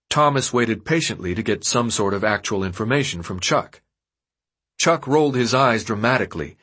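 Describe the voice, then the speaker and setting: Husky, expressive male audiobook narrator. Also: on the low side, normal speed. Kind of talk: scripted narration.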